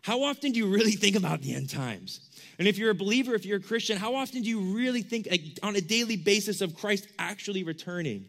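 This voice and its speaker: Young man preaching casually, high voice. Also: lively intonation, fast talker, vocal fry, a bit bright. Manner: conversational, lots of 'like', acts out quoted questions. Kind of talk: casual sermon.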